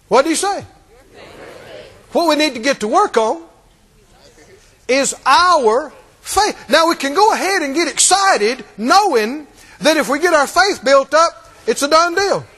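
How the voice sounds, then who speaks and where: A man with a very high, lively voice preaches an emphatic, rousing sermon and keeps calling out to his congregation. His voice rings out with the long reverb of a large hall. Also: unhurried, pauses often.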